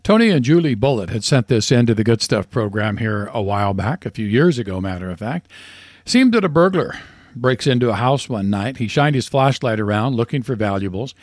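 A man's voice: mid-range voice, expressive, a little fast, darkish tone, dry recording, clean studio sound. A man co-hosting a radio show, telling jokes in a folksy storytelling way. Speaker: radio co-host.

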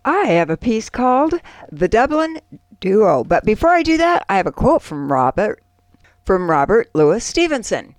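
A woman co-hosting a farm radio show, reading ads and telling jokes in a lively way. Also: mid-range voice, moderate pace, no echo, clean studio sound. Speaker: radio co-host.

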